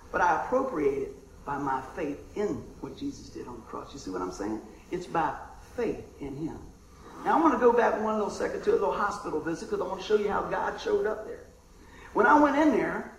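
A man preaching a sermon, telling a personal story in a conversational, animated way that drops to a hush at times. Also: high-pitched, brisk, creaky, roomy sound, a little hiss or hum, rough recording. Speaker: pastor.

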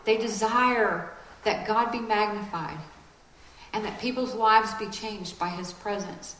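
A woman giving a lively, conversational sermon with quick asides. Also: mid-range voice, echoey room, low-quality recording. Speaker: speaker.

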